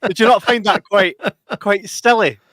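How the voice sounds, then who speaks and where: A man's voice: sits high, moderate pace, fairly bright tone, no echo. A Scottish man hosting a podcast, telling stories animatedly and swearing freely. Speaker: podcast host. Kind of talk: casual chat.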